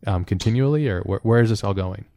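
A man hosting a podcast, casual and enthusiastic, firing off questions in quick succession. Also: fairly low pitch, vocal fry, mellow, no room sound. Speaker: podcast host.

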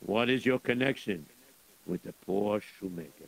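A man's voice: lowish voice, expressive, moderate pace, husky, poor audio. A man acting a rabbi in a radio drama, probing and insistent.

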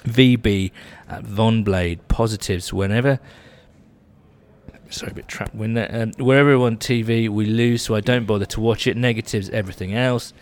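A man's voice: on the low side, steady tone, moderate pace. A man hosting a casual podcast chat, reading out listener tweets with wry asides. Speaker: podcast host.

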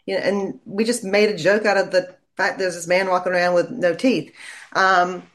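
A woman, a lawyer chatting in an interview and telling stories in a lively way. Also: on the low side, moderate pace. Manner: chatty storyteller, animated when quoting people. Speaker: lawyer and legal commentator. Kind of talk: casual interview chat.

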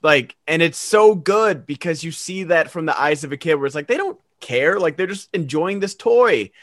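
A male podcast co-host with a bright, forceful, fairly high voice, gushing with enthusiasm in a casual movie chat. He acts out quoted lines as he talks over a remote call, and his voice sounds dry and close. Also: expressive, moderate pace, no room sound.

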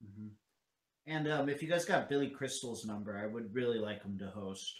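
A man's voice: lowish voice, normal speed. A man co-hosting a comedy podcast, dropping dry, terse one-liners. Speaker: podcast co-host.

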